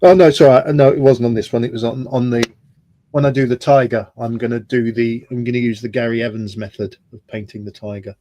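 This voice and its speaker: A man's voice: medium pitch, steady tone, fairly quick, mellow. An older grandfather bantering in casual chat while building a model kit on a livestream. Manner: joking, banter. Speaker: co-host of a scale-modelling livestream.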